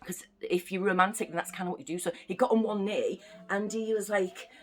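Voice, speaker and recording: A woman's voice: medium pitch, fairly even intonation, brisk, a bit bright. A young woman from the UK reading a children's bedtime story aloud, with chatty, playful asides to the listening children. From United Kingdom.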